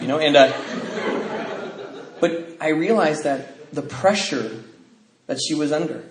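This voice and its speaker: In a convention hall with a crowd audible behind him, a middle-aged American man gives personal testimony about his recovery. His pitch is fairly high and his manner animated, yet he speaks slowly with long pauses, acting out voices and laughing often. The hall sounds roomy, with faint noise.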